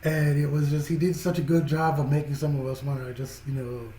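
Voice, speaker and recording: A man talks through a film review in a loose, rambling way, doubling back and repeating himself as he goes. His voice is mellow and slightly raised in pitch. The room is echoey, with a faint hiss behind him. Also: level tone, brisk. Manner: rambling, repeats and restarts phrases, chuckles often. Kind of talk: casual spoken film review.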